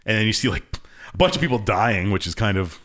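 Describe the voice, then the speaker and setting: A man's voice: fairly low pitch, animated, fast talker, fairly bright tone. A man co-hosting a podcast, casually retelling a game's story in a laid-back way. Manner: laid-back storytelling, acts out characters briefly. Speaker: podcast co-host recapping a game. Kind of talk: casual chat.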